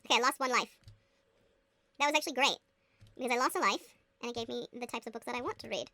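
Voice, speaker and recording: A woman's voice: a little high, quick pace, bright, forceful tone, dry recording. A woman chatting to herself as she plays a game, giggly and playful, now and then slipping into a put-on accent. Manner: chatty, giggly, talks to herself while playing; slips into a playful mock accent. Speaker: gaming booktuber. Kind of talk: casual game commentary.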